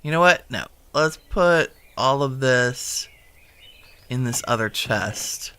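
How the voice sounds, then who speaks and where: A man's voice: medium pitch, lively intonation, slow pace, bright, forceful tone, clean tone. A man giving casual gameplay commentary as a video host, chatting and thinking aloud to himself while he sorts things.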